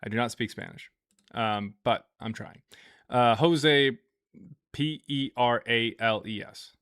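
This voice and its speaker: Bright, dry-voiced joking livestream host. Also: male voice, mid-range voice, slow, clean tone, no room sound. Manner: joking, rambling storytelling with laughs; reads out viewer super chats. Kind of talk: casual livestream chat.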